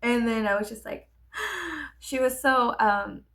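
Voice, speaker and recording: Gravelly-voiced woman rambling through a story. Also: on the high side, steady tone, sharp tone. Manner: rambling, halting, lots of fillers. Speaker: vlogger. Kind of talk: casual storytelling while getting ready. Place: at home with animals nearby.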